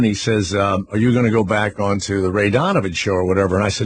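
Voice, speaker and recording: An older man hosting a talk radio show, telling a story in a loud, animated way and acting out what people said. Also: fairly low pitch, quick pace, few pauses, slightly rough. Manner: animated storyteller, acts out quotes.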